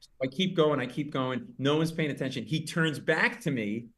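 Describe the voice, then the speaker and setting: Middle-aged man, comedian, storytelling, animated, shouty character voices. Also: normal speed. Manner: animated anecdote with loud high character voices. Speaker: comedian guest. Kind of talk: storytelling in an interview.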